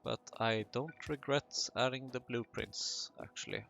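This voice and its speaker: Guy chatting slow over his factory game, gravelly voice, bright edge, joking at himself. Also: mid-range voice. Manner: chatty, self-mocking asides while building. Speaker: gaming video host. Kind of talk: casual let's-play commentary.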